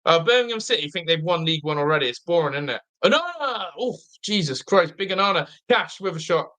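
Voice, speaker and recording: A young man hosting a live football watch-along, chatting excitedly, reacting to play and reading viewer comments aloud, with a slightly blocked nose. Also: on the high side, quick pace. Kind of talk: live fan commentary and chat.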